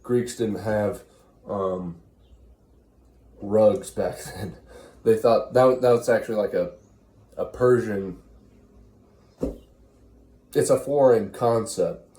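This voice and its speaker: A man's voice: on the low side, slow pace, long pauses, dark tone, reverberant. A man giving a rambling, crude comedic retelling of a classic play while chewing gum. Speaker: storyteller.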